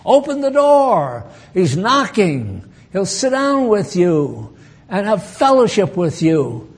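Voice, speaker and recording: A man's voice: sits high, big pitch swings, takes it slowly. An older man preaches in a slightly raised voice, taking his time. He jokes with the people in front of him, asks them questions and chuckles at his own remarks. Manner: folksy, bantering with the congregation, chuckling asides. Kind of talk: sermon.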